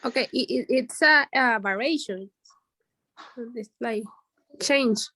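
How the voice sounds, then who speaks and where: Woman student on a video call, super slow, unsure, hunting for words, dry sound. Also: a little high, sharp tone, no room sound, rough recording. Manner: halting, unsure, searching for words. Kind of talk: answering in an online class.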